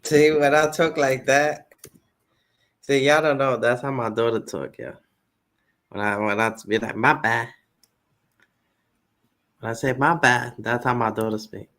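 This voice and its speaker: A man's voice: medium pitch, little pitch movement, moderate pace, fairly bright tone. Laid-back man joking as a stream guest. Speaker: guest on a livestream. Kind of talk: casual livestream chat.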